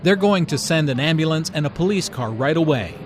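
A man speaks clear, deliberate lines in a scripted English lesson dialogue. His fairly high voice moves up and down in a lively way. Street traffic sound runs clearly under the voice.

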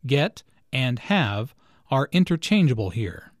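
A man narrating a scripted language lesson, explaining grammar and intonation in a deliberate way. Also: mid-range voice, sing-song, no echo, studio quality.

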